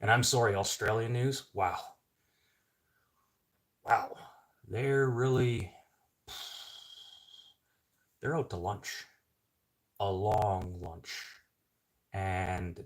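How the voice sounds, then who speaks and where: A man's voice: lowish voice, steady tone, slow, long pauses. A middle-aged man from Canada in a casual ranting monologue, blunt and swearing, rising to sudden outbursts. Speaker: vlogger.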